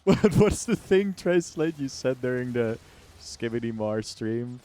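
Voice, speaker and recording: A man's voice: mid-range voice, expressive, unhurried, hardly any pauses, dark tone. A male streamer chatting casually while he plays a game. He jokes loosely with his chat, swears freely and laughs often between his lines.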